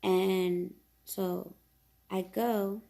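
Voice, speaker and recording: Gravelly-voiced woman rambling a story. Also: medium pitch, steady tone, extremely slow, warm tone. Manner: rambling, with many fillers and mild swearing. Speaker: vlogger telling a story. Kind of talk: casual storytime.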